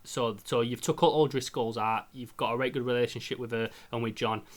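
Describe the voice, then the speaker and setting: A man, co-hosting a podcast and talking through a video game in an excitable, sweary way. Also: mid-range voice, a little fast. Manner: excitable, sweary, retells scenes with quoted lines. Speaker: podcast co-host. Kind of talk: casual game review chat.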